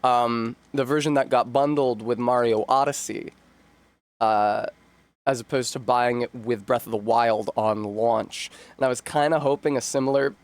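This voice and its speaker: A man's voice: mid-range voice, steady tone, normal speed, no echo. A man chatting casually while live-streaming a game, rambling in a chatty way, full of fillers and self-interruptions.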